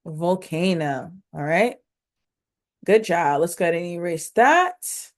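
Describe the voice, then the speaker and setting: Slow, instructive woman teaching phonics. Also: fairly low pitch, very animated. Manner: slow, instructive, sounding out syllables; encouraging, addresses learners directly. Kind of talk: phonics lesson video.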